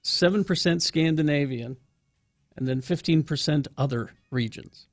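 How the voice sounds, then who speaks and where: A man's voice: fairly high pitch, normal speed, faint music behind. A man co-hosting a morning radio show, making wry, dry jokes in casual banter.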